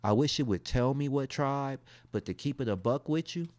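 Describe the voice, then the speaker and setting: A man's voice: mid-range voice, moderate pace, darkish tone, no room sound. A man from the United States talking casually as he reacts to his results, with slangy asides in a laid-back, conversational way. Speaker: vlogger.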